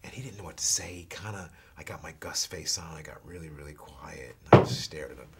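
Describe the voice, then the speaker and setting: A man, an actor, telling a story in an interview, halting and repeating words, sometimes dropping to a hush. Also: a bass voice, heavy background noise.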